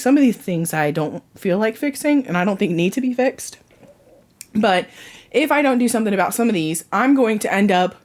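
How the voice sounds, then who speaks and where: A woman hosting her own podcast from home, chatting casually, rambling and laughing at her own jokes. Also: medium pitch. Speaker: podcast host. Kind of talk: casual chat.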